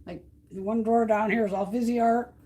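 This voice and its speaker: A middle-aged woman from the United States hosts a makeup livestream, chatting casually while depotting makeup and ranting bluntly with plenty of swearing. Her fairly high voice is warm and steady, and she talks briskly.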